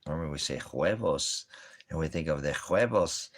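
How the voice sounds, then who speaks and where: A man's voice: extremely low pitch, lively intonation, normal speed. A man hosting a ministry stream from home, rambling in a casual monologue full of puns and rhyming wordplay. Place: at home with a dog and a fire.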